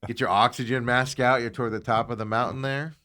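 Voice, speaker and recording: A man hosting a casual sports talk show, bantering and joking with his co-host in an animated way. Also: medium pitch, fast talker.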